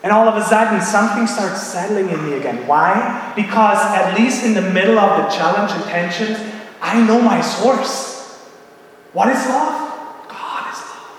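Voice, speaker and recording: Pastor guy giving a sermon, pretty high voice, earnest, recorded from far off in a big echoey church. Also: animated, normal speed, slight background noise. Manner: earnest and personal, acting out quoted dialogue. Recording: echoey hall, distant mic.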